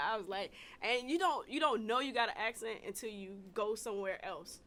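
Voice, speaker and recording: Bright-voiced woman hosting casual chat. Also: fairly high pitch, fairly quick. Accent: mix of D.C., Baltimore and North Carolina. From Washington, D.C. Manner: animated storyteller, slangy and laughing. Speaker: podcast host.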